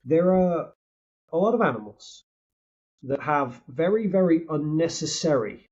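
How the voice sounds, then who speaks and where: A man's voice: a little high, lively intonation, unhurried, a little mellow, breathy edge. A man who is a guest on a podcast, talking casually in a rambling way and often restarting his sentences. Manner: rambling, self-interrupting, hedging. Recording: dull lo-fi mic sound.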